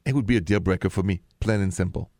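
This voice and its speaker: A man's voice: deep voice, fast, a little mellow, no room sound, studio quality. French-accented male radio advice host. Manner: frank, emphatic, direct. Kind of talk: call-in relationship advice.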